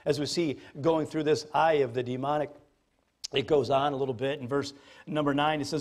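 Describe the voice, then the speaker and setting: A man, a pastor, preaching a sermon in an animated, jokey storytelling manner. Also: medium pitch, fairly quick.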